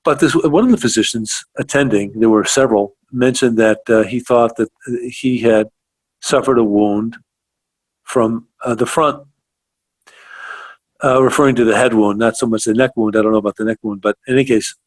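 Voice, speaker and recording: A man's voice: mid-range voice, moderate pace, no room sound. A man hosting a radio interview, asking questions and reacting with surprised interjections. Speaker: radio show host.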